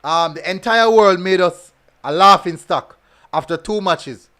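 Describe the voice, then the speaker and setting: A man's voice: high-pitched, a little slow, bright, forceful tone. A man hosting a casual football review stream, reading chat comments and talking in a chatty way, full of fillers and repeated phrases.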